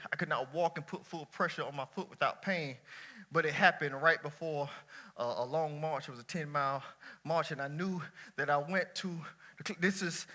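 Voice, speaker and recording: Pastor, man, high and very bright voice; loose colloquial sermon, swings from shouts to hushed asides. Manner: lively colloquial preaching, swinging between shouts and near-quiet asides. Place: church before a congregation.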